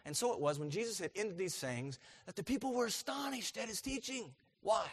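A man preaching a sermon as pastor, asking his congregation questions and building to loud, emphatic peaks. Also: high voice, animated, fairly quick, husky.

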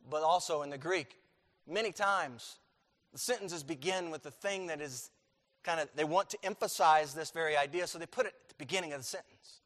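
A middle-aged male pastor preaching a sermon in a church, emphatic, repeating key phrases and swinging between loud and quiet. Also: on the high side. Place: church sanctuary. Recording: long hall reverb.

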